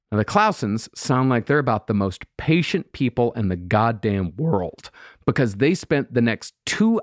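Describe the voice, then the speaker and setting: A man hosting a podcast, narrating a true crime story in a steady storytelling way with dry asides. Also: mid-range voice, no room sound.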